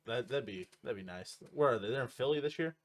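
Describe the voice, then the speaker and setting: A man's voice: mid-range voice, animated. A man co-hosting a podcast, talking about wrestling in a blunt, casual way with frequent swearing. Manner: blunt, swears often, quick laughs. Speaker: podcast co-host.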